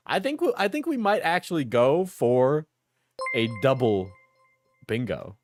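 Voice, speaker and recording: A man's voice: medium pitch, very animated, a little slow, soft background music. A man streaming a casual reaction video, joking, laughing and swearing as he comments.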